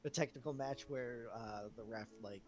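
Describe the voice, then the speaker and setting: Swearing man chatting over a game stream. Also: medium pitch. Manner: swears, quick reactions, laughs often. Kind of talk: casual chat over a wrestling sim game. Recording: faint music behind.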